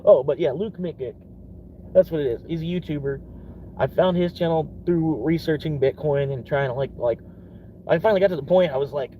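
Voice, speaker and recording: A man's voice: medium pitch, fairly quick, dull audio, a little hiss or hum. A young man from Florida in a casual rambling vlog, swearing often and laughing between thoughts. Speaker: vlogger.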